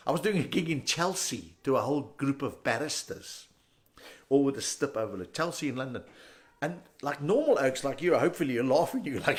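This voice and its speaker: A man's voice: medium pitch, lively intonation, brisk. A middle-aged man with a South African accent, performing a chatty, slangy stand-up set straight to the audience. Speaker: stand-up comedian.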